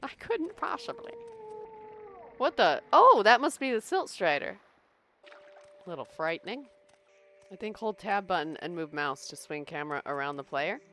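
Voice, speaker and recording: A woman's voice: on the low side, sing-song, normal speed, a bit bright. A woman streaming a video game, chatty and laughing often in casual commentary.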